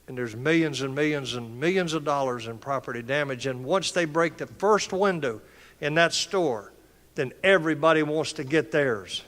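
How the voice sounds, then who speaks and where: An older man delivers an impassioned, preacher-like talk in a forceful, mid-pitched voice. His words echo around a large conference hall. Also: moderate pace. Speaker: conference speaker. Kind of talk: motivational speech.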